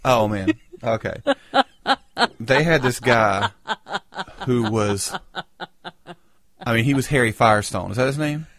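A man's voice: medium pitch, measured pace, pauses often, no room sound. Rambling, joking male podcast co-host. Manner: rambling, joking, animated storytelling. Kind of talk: casual chat.

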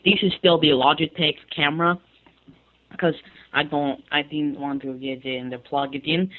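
A man's voice: fairly high pitch, steady tone, moderate pace, close to an everyday voice. A man putting on a goofy, cartoonish rodent-like voice, rambling and fretting with repeated "oh no"s into a webcam mic. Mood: rambling silly. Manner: rambling, repetitive, fretful "oh no". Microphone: webcam microphone. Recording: tinny phone-like webcam audio.

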